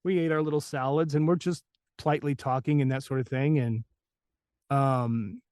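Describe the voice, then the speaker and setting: A man who works as a voice actor, telling a story as a podcast guest in a lively, casual way and acting out the people he quotes. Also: mid-range voice, moderate pace, clear, resonant tone, no room sound, clean studio sound. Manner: animated, acts out the people he quotes.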